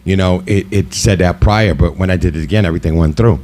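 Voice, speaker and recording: Low, mellow-voiced middle-aged man telling a story. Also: fast talker. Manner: heated, conversational, full of "you know" asides. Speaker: host. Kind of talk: casual storytelling monologue.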